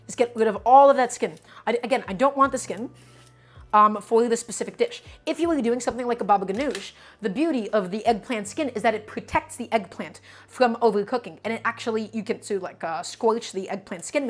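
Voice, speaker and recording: A woman's voice: on the high side, fairly quick. Chatty woman hosting a cooking stream. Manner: chatty, reassuring, reads chat aloud. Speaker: cooking show host. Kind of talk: casual cooking livestream.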